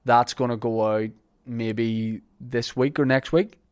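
A Northern Irish man hosts a podcast in an easygoing, rambling way, full of fillers, restarts and jokes. His voice sits at an ordinary middle pitch for a man. He talks loosely, even when he reads out ads. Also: slow, smooth. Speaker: podcast host. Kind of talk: casual podcast chat and sponsor reads.

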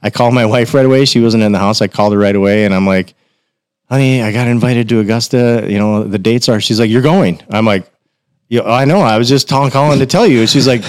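On a dry recording, a man with a smooth, mid-range voice talks fast as a podcast guest. He tells casual stories in an animated way, raising his voice whenever he acts out what other people said.

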